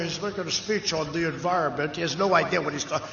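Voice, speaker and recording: A man's voice: on the high side, quick pace, creaky, sharp tone, a little hiss or hum. A man giving an off-the-cuff rally speech, rambling and boastful with digressive asides. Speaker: speaker at a political rally. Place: large rally venue. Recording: echoey lo-fi rally sound system.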